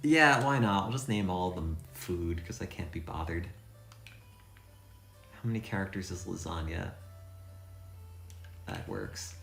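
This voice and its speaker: A man's voice: low voice, very animated, measured pace, vocal fry, pauses often, fairly bright tone, soft background music. A man streaming a game, rambling and thinking aloud with a self-deprecating, offhand manner. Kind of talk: casual let's-play commentary. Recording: echoey room sound.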